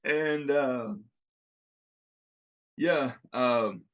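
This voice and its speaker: A man's voice: medium pitch, drawn-out words. A young man from Louisiana with a Cajun accent, telling rambling stories in a casual podcast chat and laughing often. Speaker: podcast host.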